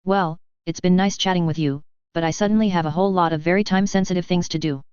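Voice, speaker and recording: A woman's voice: on the low side, steady tone, quick pace, a little mellow, clear, resonant tone, no room sound, natural voice. A woman voicing a wry, laid-back male factory owner who speaks with dry sarcasm, in a dull lo-fi recording. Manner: dry, sardonic.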